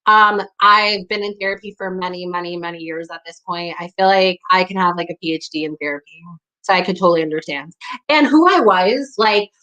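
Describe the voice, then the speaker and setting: A young woman from the New York area speaking candidly in conversation, blunt and profane, with a steady stream of "like" and "you know". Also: lowish voice, fairly quick, poor audio. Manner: blunt, profane, heavy use of "like".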